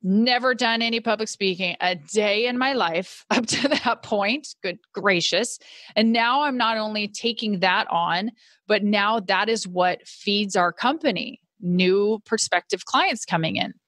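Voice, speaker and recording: A woman's voice: medium pitch, a little slow, a bit bright, no room sound, clean studio sound. A middle-aged woman, a podcast guest and business owner, telling a personal story in an earnest way and acting out her past thoughts with animation.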